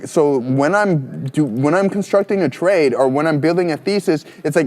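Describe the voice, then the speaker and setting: Male trading co-host, slightly higher voice, friendly and explanatory. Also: moderate pace, hardly any pauses, darkish tone. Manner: friendly, explains setups to chat. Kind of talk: live trading commentary.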